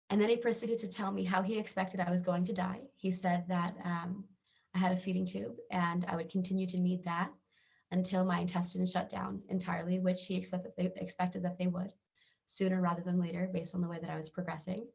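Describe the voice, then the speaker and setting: A woman's voice: fairly low pitch, level tone, a little fast, gravelly, a little mellow. A woman from Georgia, telling her personal health story to camera in an earnest, conversational way. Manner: earnest storytelling, acts out quoted voices. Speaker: wellness channel host.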